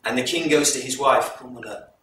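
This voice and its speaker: Bright-voiced man retelling a folk tale. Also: mid-range voice, a little hiss or hum. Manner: measured, explanatory retelling. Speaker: presenter introducing a folk performance. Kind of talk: live storytelling to an audience. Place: live event hall. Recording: echoey hall recorded from far off.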